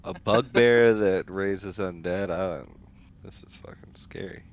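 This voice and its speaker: A man playing a tabletop game, reacting in an excitable way and laughing. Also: low-pitched, unhurried. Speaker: player. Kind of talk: casual game chat. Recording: dull lo-fi mic.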